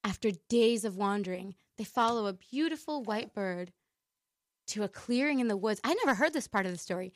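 A woman's voice: medium pitch, expressive, fairly quick, no room sound, clean studio sound. A woman co-hosting a radio show, chatting playfully with a laugh and reading a story aloud. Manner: giggly, playful. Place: radio studio.

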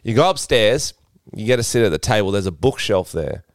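A man's voice: fairly low pitch, animated, fairly quick, no room sound, clean studio sound. A young Australian man co-hosting a podcast, bantering playfully in casual chat. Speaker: podcast co-host.

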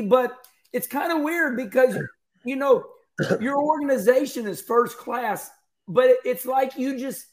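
A man hosting a casual conversation, speaking earnestly and admiringly in quick bursts. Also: very high voice. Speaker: host.

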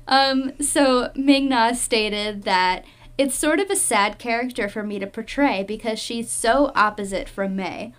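A young woman co-hosting a podcast, chatting casually about a TV series. She is playful and giggly and drops in bits of trivia. Her voice sits fairly high. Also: slow. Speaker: podcast co-host, veteran viewer. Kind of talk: casual chat about a TV show.

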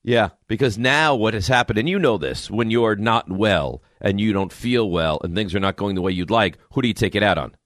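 A middle-aged man hosting a radio show, telling stories in animated, exasperated, wry banter. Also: fairly low pitch, brisk, hardly any pauses, dry recording, studio quality. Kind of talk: casual morning radio banter. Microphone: studio microphone.

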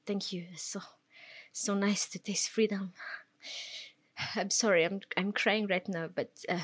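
A woman voicing a bewildered, put-upon captive guest with a fake French accent, speaking quietly and hesitantly. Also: mid-range voice, fairly even intonation, unhurried, husky. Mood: tearful.

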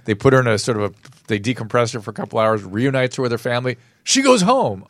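Casting note: emphatic man, mid-pitched voice, dry close sound. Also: fairly even intonation, racing, no room sound. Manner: earnest, emphatic storyteller. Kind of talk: casual chat.

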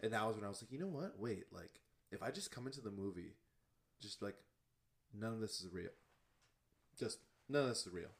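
A young man co-hosting a casual podcast, animated and laughing loudly, with the hiccups. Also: on the low side, brisk, creaky, long pauses. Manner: animated, laughs loudly, says bro and dude. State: has the hiccups. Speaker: podcast co-host. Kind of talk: casual chat.

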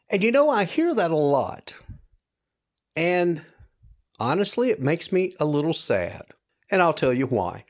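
A man's voice: fairly high pitch, sing-song, measured pace, pauses often. A man in his fifties hosting a podcast, talking earnestly and reflectively straight to his listeners in a personal monologue. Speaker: podcast host.

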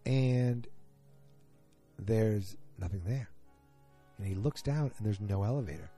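A man's voice: on the low side, slow pace, mellow, faint music behind. A man casually recapping a TV episode, musing aloud and trailing off with ums and restarts, speaking straight to his listeners.

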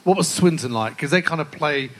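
Jokey male fan host, slightly high. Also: fairly quick, poor audio. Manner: jokey, enthusiastic fan, chatty questions. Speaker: podcast host. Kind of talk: live podcast interview. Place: live stage event at a club.

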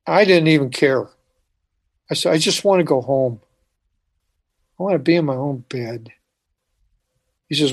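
A man telling a personal story in conversation, halting with frequent restarts and dropping quiet at moments. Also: on the high side, husky. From United States. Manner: halting, restarts often, quiet when recalling. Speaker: speaker telling his life story.

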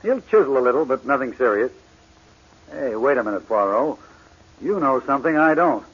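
An actor playing a brisk, slangy New police inspector in 1940s radio acting, on a dull old recording. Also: male voice, medium pitch, expressive, a bit bright, slightly rough. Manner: brisk, matter-of-fact, slangy. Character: blunt, gruff New York police inspector.

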